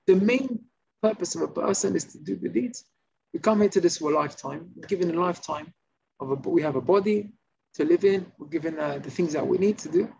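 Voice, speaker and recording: A male rabbi giving an informal Torah class, telling stories and acting out the shouting characters. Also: fairly high pitch, a little fast, vocal fry. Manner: animated storytelling, acts out shouting characters. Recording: slightly muffled recording with faint noise.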